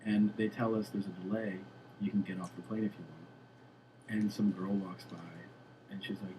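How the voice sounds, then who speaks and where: A comedian tells an animated story in a casual podcast chat, breaking into laughs. His voice is on the lower side. A steady hiss sits under the recording. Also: a little fast. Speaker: comedian guest.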